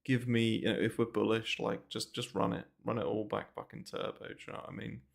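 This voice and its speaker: Fairly quick and creaky, with a low pitch that barely moves, a man streams rambling market commentary about crypto trading. The talk is casual, full of fillers and swearing, captured by a desk mic close to his mouth in a small bare room.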